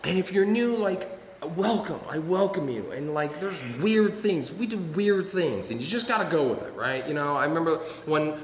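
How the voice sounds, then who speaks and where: A man's voice: fairly high pitch, animated, normal speed, slight background noise. A man sharing his recovery story with an audience, rambling and self-mocking, with many fillers. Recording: echoey hall from a distance.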